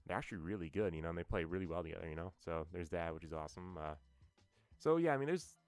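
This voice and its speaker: Deep-voiced rambling bassist. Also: male voice, lively intonation, quick pace, darkish tone, smooth, no room sound, soft background music. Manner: rambling storyteller, many fillers. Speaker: band bassist guest. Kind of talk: casual podcast interview. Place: New York.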